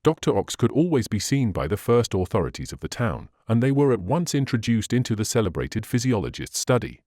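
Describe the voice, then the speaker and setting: A man narrating a classic novel as an audiobook in an expressive storytelling manner. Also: medium pitch, fairly quick, hardly any pauses, no room sound, clean studio sound.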